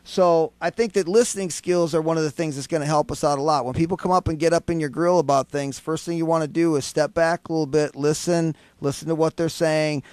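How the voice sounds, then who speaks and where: A man with a slightly high voice hosts a radio advice talk, explaining ideas patiently and acting out the tones of voice he describes. The sound is close and dry, with no room echo. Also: fairly even intonation, fairly quick, hardly any pauses, a little mellow. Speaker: radio talk show host.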